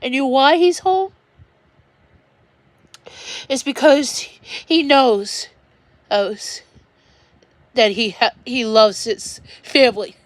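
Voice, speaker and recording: A woman talks at length from home during a personal livestream. Her voice sits a little high and she speaks slowly. She rambles, keeps restarting her sentences and sounds upset throughout, recorded dry and close. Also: dry recording. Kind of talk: emotional personal livestream monologue.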